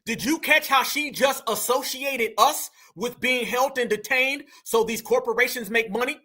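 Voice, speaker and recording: A man with a very high, bright, sharp voice hosts a reaction commentary show. He talks straight to his viewers in animated slang, pausing a clip to argue back at it. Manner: animated, addresses audience directly with slang. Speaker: commentary host.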